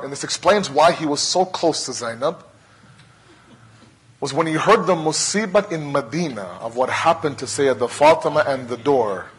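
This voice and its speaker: A man's voice: a little high, low-quality recording. A male preacher telling a religious story as a sermon, impassioned and dramatic, with much repetition.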